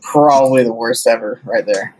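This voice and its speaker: A man's voice: medium pitch, normal speed, darkish tone, slight background noise, rough recording. A man telling travel stories in casual chat, rambling with lots of fillers.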